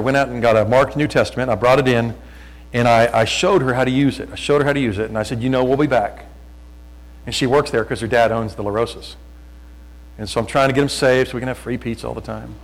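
A man preaching a sermon, telling folksy stories and talking loud, often repeating his phrases. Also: mid-range voice, poor audio. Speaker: pastor.

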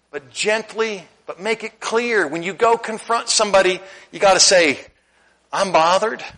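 A middle-aged man preaching a sermon in a church, candid and animated, swinging between loud emphasis and quiet asides. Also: high voice, rough recording. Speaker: pastor. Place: church sanctuary.

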